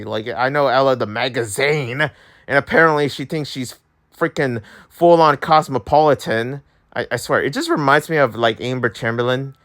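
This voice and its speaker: Medium in pitch and a little bright, a young adult vlogger's voice carries an exasperated rant full of repeated and restarted words. Their accent slides around and shifts as they grow angry.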